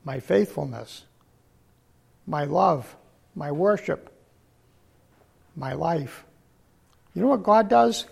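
An older man preaching a sermon with a failing, hoarse voice. He clears his throat often and swings between loud emphatic outbursts and low murmurs. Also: expressive, takes it slowly, pauses often. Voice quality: gravelly, husky.

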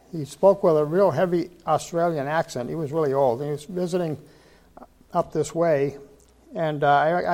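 A man's voice: fairly high pitch, darkish tone. An older man giving an informal sermon, talking conversationally with rhetorical questions and frequent restarts. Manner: conversational, asks rhetorical questions, repeats words. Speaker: preacher.

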